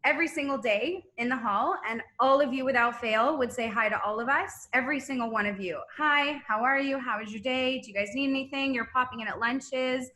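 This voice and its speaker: Bright-voiced teacher choking up. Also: female voice, high-pitched, brisk, hardly any pauses. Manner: choked up, laughing through tears. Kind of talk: emotional farewell speech.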